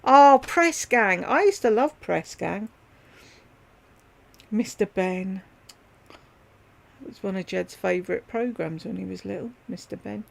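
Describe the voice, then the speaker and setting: A woman rambles easily through a casual livestream from home, talking straight to her viewers by name. Her mid-pitched voice has a steady gravelly fry running under it. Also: a little slow, pauses often. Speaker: livestream host chatting with viewers.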